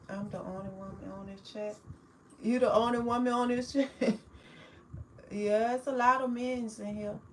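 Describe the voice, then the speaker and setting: A woman, chatting casually with viewers on a livestream, affectionate and quick to laugh. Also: a little high, steady tone, a little hiss or hum, low-quality recording. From New Orleans, Louisiana. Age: 40s. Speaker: livestream host.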